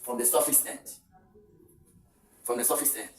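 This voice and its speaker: A man's voice: medium pitch, moderate pace, far from the mic, a little hiss or hum. A man teaching an exam-prep lesson, explaining step by step and counting syllables aloud with fillers and restarts. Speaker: English tutor. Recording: echoey room, voice a little off-mic.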